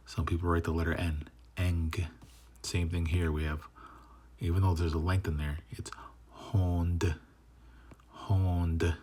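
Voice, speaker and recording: A man teaching how to read a language, talking casually and repeating words slowly syllable by syllable, sometimes trailing into a whisper on the endings. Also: sits low, steady tone, darkish tone, husky. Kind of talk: casual spoken lesson.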